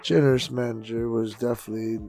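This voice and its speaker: A man co-hosting a podcast, telling loud, profane stories in a casual way and acting out other people's voices with big swings in pitch and volume. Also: fairly even intonation, fast, soft background music. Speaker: podcast co-host and DJ.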